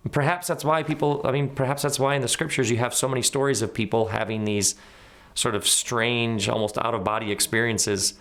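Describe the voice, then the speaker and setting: Middle-aged man, guest author, conversational storytelling, lively quoted voices, medium pitch. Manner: animated, acts out quoted voices in his stories.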